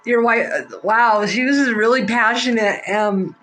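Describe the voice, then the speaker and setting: A woman giving a live psychic tarot reading, halting and emotional, close to tears, with many fillers. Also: on the high side, fairly bright tone, soft background music, rough recording. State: near tears. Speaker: psychic reader.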